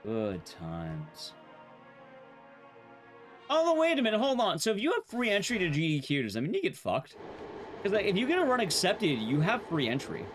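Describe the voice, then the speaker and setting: A man's voice: high voice, huge pitch swings, quick pace, a bit bright. A man streaming a speedrun, rambling casually and profanely to his chat. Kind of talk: casual live-stream commentary while gaming. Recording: game music behind.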